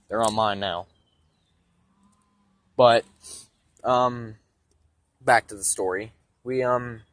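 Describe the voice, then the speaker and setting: A man's voice: medium pitch, no room sound. Rambling, foul-mouthed young man with stuffy sinuses. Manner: rambling, profane, blunt. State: congested from sinus trouble. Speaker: vlogger giving a vehicle tour. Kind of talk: casual storytelling.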